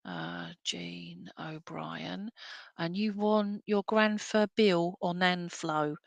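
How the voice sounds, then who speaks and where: A woman's voice: lowish voice, lively intonation, takes it slowly, gravelly, no echo. A woman working as a spiritualist medium, giving a rambling, chatty clairvoyance reading over a video call and checking in with the sitter as she goes. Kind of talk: clairvoyance reading in an online service.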